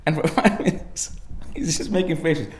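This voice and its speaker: A man giving a casual, lively Torah class, acting out the people in his stories with sudden loud outbursts and mixing Hebrew terms into everyday English. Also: fairly high pitch, normal speed, roomy sound. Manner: animated storyteller, acts out characters with sudden loud outbursts. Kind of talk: lively informal Torah lecture.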